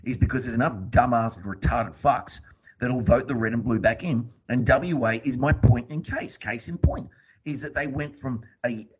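A man's voice: medium pitch, normal speed, slightly rough, low-quality recording. A man co-hosting a talk show, speaking bluntly and crudely. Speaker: podcast co-host. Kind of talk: casual talk.

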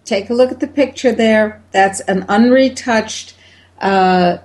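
Woman, 70s, doctor guest, animated storyteller. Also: medium pitch, measured pace. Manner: lively anecdotes, mimics shouting voices. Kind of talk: interview storytelling.

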